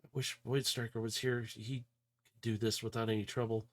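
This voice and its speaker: A man voicing a confused young woman who questions a damaged robot quietly in a tabletop game. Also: medium pitch, level tone, moderate pace, lightly acted. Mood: puzzled, soft. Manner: soft, puzzled questioning.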